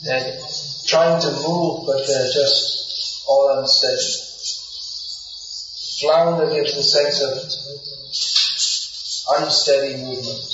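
A man teaching a scripture class. He reads verses aloud, then explains them slowly and patiently, stopping often to check that his listeners follow. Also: a little high, steady tone, pushed and bright, a little hiss or hum. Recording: very echoey room, distant mic, dull sound.

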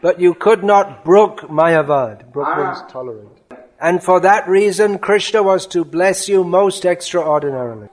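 High-voiced man reading a devotional offering. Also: expressive, measured pace. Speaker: spiritual lecturer.

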